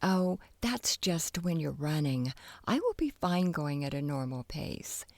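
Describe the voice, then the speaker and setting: A woman's voice: sits low, sing-song, measured pace, no room sound, full character voice. A woman voicing a boastful, careless young boy in a children's storybook, cocky and chatty. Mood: explaining.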